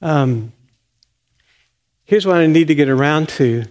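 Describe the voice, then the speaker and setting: A man's voice: on the high side, unhurried, a little mellow. An older man, a retiring pastor preaching a folksy, storytelling sermon in a church sanctuary.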